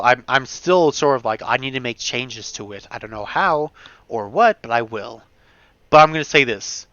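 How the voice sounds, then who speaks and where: A man giving casual commentary while playing a game, rambling with many restarts and sudden fast bursts. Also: medium pitch, bright, forceful tone, no echo. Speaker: gamer. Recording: dull home mic recording.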